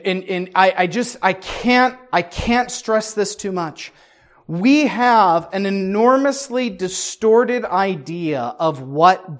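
Emphatic high-voiced male preacher. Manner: emphatic, rhetorical questions, stammering restarts. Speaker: pastor. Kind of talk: sermon.

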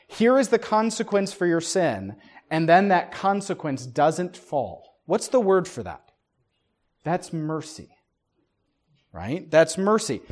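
A male pastor delivering a sermon in a fairly high voice, at a slow, deliberate pace. He drives his points home with rhetorical questions and trips over quick restarts as he builds emphasis.

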